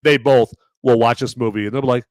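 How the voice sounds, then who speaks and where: Male live-stream film host, loose and jokey, mid-pitched, smooth and clean with dry sound. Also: fairly even intonation, fast talker, no room sound. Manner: rambling, peppered with "uh" and "right there"; jokey, crude banter. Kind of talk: casual live-stream commentary.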